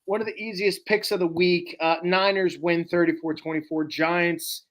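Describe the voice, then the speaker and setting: A man's voice: high-pitched, flat delivery, moderate pace, fairly bright tone. A young man co-hosting a podcast, giving blunt, opinionated takes in a casual sports chat. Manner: blunt, opinionated, trash-talking. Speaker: podcast co-host.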